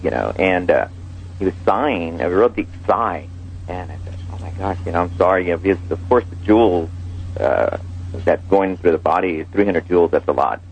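Deep-voiced man telling an ER story. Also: expressive, creaky, a little mellow, a little hiss or hum, poor audio. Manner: halting, many fillers and restarts. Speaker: emergency room doctor. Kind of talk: storytelling in an interview.

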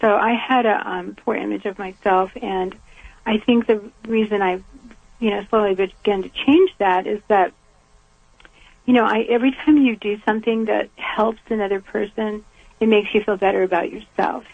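An older woman from the American South, a guest in an interview, talking in an earnest, reflective way with soft laughs. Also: mid-range voice, fairly even intonation, moderate pace, vocal fry, no echo. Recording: tinny phone line.

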